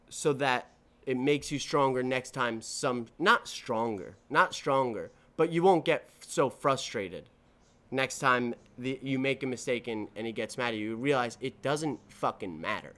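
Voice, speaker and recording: A man's voice: mid-range voice, pushed and bright, smooth. A man in his twenties hosting a solo podcast, telling stories in a rambling, profane, self-correcting way. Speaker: podcast host. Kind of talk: casual solo podcast monologue.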